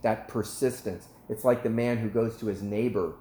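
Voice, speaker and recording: A man preaching a sermon as animated storytelling, his voice climbing high whenever he gets excited. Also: normal speed, slight background noise. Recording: echoey room.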